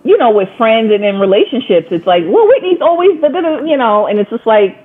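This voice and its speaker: A woman's voice: on the high side, sing-song, a little fast, husky, faint music behind. A woman guest on a podcast, telling her story in casual conversation and acting out the voices she quotes. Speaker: guest, coaching client. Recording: tinny phone-like line.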